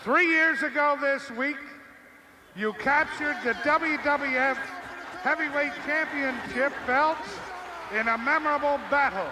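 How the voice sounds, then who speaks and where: A man's voice: extremely high pitch, a little slow, noisy background. A man who leads the league, reading a formal ceremonial tribute. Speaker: league president. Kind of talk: formal presentation speech.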